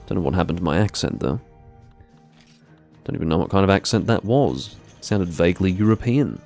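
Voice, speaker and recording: A man giving relaxed, rambling commentary while playing a game live, with dry, self-deprecating asides. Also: low-pitched, brisk, creaky, soft background music. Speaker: gaming streamer.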